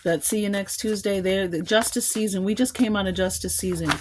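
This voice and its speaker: A woman's voice: medium pitch, steady tone, fairly quick, a little hiss or hum. A woman giving a collective tarot reading, musing aloud and rambling, with small laughs between thoughts. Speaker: tarot card reader.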